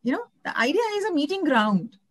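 A woman's voice: high-pitched, very animated, fairly quick, fairly bright tone, no echo, low-quality recording. A woman from India talking expressively about translating a novel, often searching for words and restarting. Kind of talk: conversational talk about translating.

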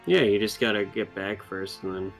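A man's voice: on the low side, normal speed, creaky, a bit bright, faint music behind. A young man co-hosting a let's play, giving game tips and making dry, sarcastic asides. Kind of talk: casual gameplay chat.

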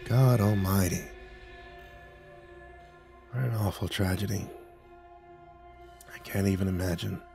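A man playing a weathered farmer who speaks in a gentle, low, easygoing way. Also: fairly even intonation, moderate pace, creaky, soft background music. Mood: somber.

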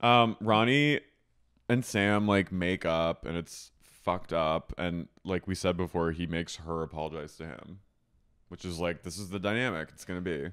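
A man co-hosting a podcast, recapping a reality show in animated, gossipy chat full of "like"s and swearing. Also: deep voice, moderate pace, clean tone. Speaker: podcast co-host.

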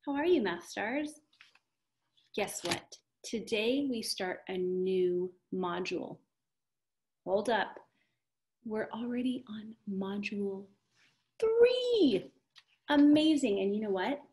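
A woman's voice: mid-range voice, animated, takes it slowly, pauses often, a little mellow. A woman teaching a kindergarten math video lesson, cheerful and encouraging, with an exaggerated voice for young children.

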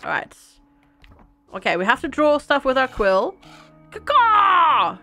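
A woman's voice: high voice, lively intonation, moderate pace, fairly bright tone, soft background music. A woman streaming a video game, chatting casually with viewers, giggly and reading game text aloud. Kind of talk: casual let's-play chat.

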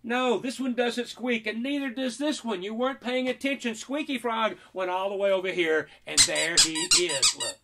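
A man's voice: extremely high pitch, normal speed, hardly any pauses, a bit bright, a little hiss or hum. A man performing a magic trick and talking children through it with playful, teasing, mock-indignant patter.

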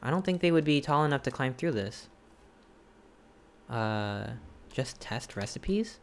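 A streamer chatting with viewers while playing a game live, thinking aloud in hesitant questions and gasping in excitement at each new find. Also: medium pitch, measured pace, slight background noise. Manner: excitable, gasping and exclaiming at discoveries.

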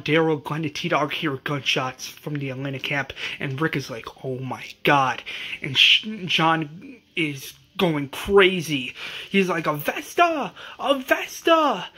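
A man casually recapping an episode as channel host, excitable and rambling, with many restarts and slang. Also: on the high side, slightly rough.

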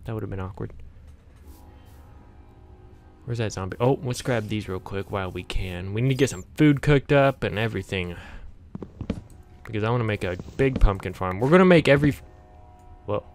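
Excitable man narrating his gameplay. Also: on the low side, fairly quick, vocal fry, soft background music. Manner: chatty and easily startled, yelps and laughs at the game; talks directly to viewers. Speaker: gaming channel host. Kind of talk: casual gameplay commentary.

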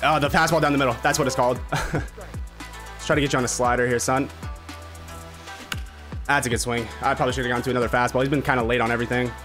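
A man giving casual, excitable commentary as he plays a baseball video game, swearing and trash-talking his own players. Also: mid-range voice, fast talker, long pauses, over music. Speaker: gaming video creator. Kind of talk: casual live gameplay commentary.

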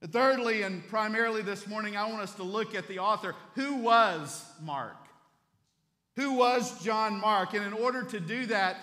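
Bright-voiced pastor preaching in a reverberant hall. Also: male voice, sits high, normal speed. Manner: animated storytelling preacher, repeats words as he restarts. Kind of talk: sermon. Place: church sanctuary.

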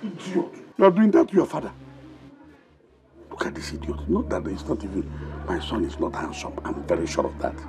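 A man's voice: low voice, wildly swooping pitch, fairly quick, darkish tone, soft background music, full character voice. An actor playing a bossy Igbo father with a Nigerian Igbo accent, rambling and scolding as he switches between Igbo and English. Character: bossy blustering Igbo father, middle-aged man.

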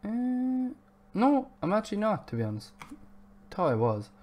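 A man's voice: high-pitched, huge pitch swings, normal speed, a little mellow. A man streaming a video game live, chatty and self-mocking, and swearing at the game now and then. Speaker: gaming streamer. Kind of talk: live gameplay commentary.

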